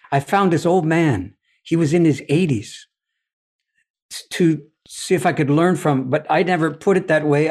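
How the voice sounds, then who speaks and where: Male guest with a measured, reflective delivery and a somewhat raised pitch; a thoughtful storyteller. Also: a little mellow. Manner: deliberate, philosophical, often asks "you see?". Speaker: podcast guest.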